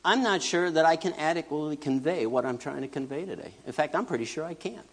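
A middle-aged man preaching a conversational sermon, animated and joking, swinging between loud bursts and hushed asides. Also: on the high side, fast talker. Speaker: pastor. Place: church sanctuary. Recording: long reverb of a large church hall.

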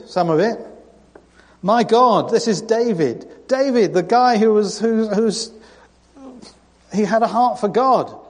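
A man's voice: a little high, a little mellow. A man preaching a sermon, chatty and informal, lifting his voice when he reads scripture. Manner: conversational, reads scripture with rising emphasis. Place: church sanctuary. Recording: church sound system with long reverb.

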